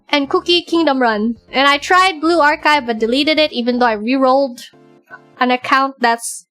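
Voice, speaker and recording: A woman streamer chatting casually and excitedly, acting out her own side of conversations in a raised voice. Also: high voice, normal speed, soft background music. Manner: excitable, animated, quoting others in a raised voice. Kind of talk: casual chat.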